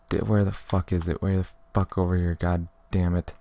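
A man's voice: low-pitched, flat delivery, normal speed, vocal fry, few pauses, dark tone. A young man commentating his gameplay, frustrated and swearing constantly over game music and hoofbeats. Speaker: let's play gamer. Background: game music and horse hooves.

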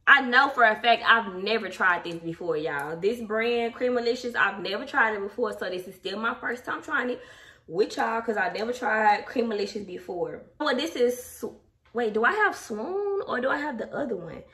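Chatty woman vlogger, bright voice. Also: on the high side, expressive, normal speed. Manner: chatty, talks straight to viewers, emotional. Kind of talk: casual vlog chat. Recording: distant mic, faint background noise.

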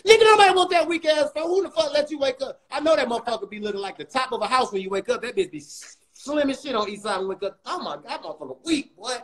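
A man hosting a comedy livestream, throwing loud, mocking, profane insults at another guy. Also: very high voice, animated, fast talker, hardly any pauses, rough recording. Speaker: comedian host.

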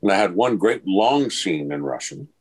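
A man's voice: fairly low pitch, moderate pace, breathy edge, rough recording. An older man, an actor, telling anecdotes in an interview and acting out the dialogue with a chuckle. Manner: lively storyteller who acts out dialogue, chuckles. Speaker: actor guest.

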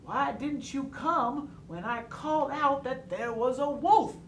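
A man voicing a bored young shepherd boy who shouts in a high, strained voice. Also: slow, full character voice. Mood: upset. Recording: roomy distant mic, faint background noise.

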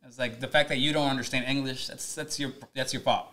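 Fast bright-voiced young man hosting. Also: medium pitch. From Mexican-American, raised in the US. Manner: fast, energetic, mixes English and Spanish with swearing. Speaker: radio host, podcast host. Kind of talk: casual podcast chat.

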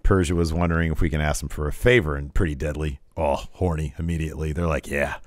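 A man with a low, deep voice chatting casually as a podcast co-host, breaking into laughter and riffing on jokes as he recaps matches. The recording is dry and close, with no room sound. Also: quick pace, no echo. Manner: laughs often, animated and joking. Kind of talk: casual wrestling recap chat.

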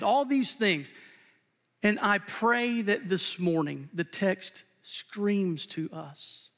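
Recorded live in a church sanctuary with long hall reverb, a male pastor delivers an earnest, emphatic sermon, repeating phrases for weight. His voice is high-pitched and gravelly, pushed and bright.

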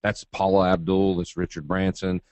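A man's voice: sits low, level tone, normal speed, a little mellow, no room sound. A man from Eastern Kentucky with a Southern drawl, presenting a live trading webinar in a folksy, joking, straight-talking way.

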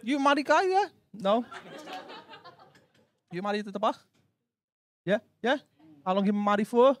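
A man's voice: sits high, animated, normal speed. A man with a Liverpool accent doing live stand-up comedy. He swears and banters brashly with the crowd.

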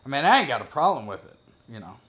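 A man's voice: medium pitch, big pitch swings, fast, bright, forceful tone, slight background noise. A man giving casual, profane gameplay commentary as a gaming video creator, joking and talking to himself as he plays.

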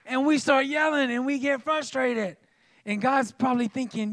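High-pitched animated male pastor preaching. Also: moderate pace, gravelly. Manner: animated and comic, acting out voices. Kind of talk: sermon.

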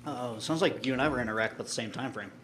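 A man hosting a podcast, talking earnestly and relaxed with a fellow veteran. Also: medium pitch, very fast, slight background noise. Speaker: podcast host, army veteran. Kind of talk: casual interview chat.

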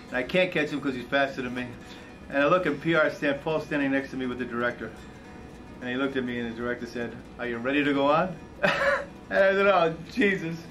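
A man telling a lively anecdote about a friend in an interview, speaking casually and getting worked up as he goes. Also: mid-range voice, rough recording. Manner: animated storyteller, builds to excitement. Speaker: friend and colleague.

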